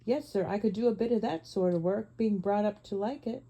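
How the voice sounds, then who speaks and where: A woman's voice: medium pitch, a little fast, gravelly, mellow, poor audio. Woman doing a humble Cockney cabman. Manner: deferential, homely. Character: humble working-class London cab driver, male.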